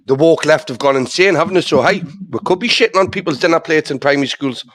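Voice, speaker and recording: A man's voice: fairly high pitch, expressive, fast, a bit bright, a little hiss or hum. A man with an English accent, a panelist joking crudely in casual chat over a remote call. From England. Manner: jokey, crude banter.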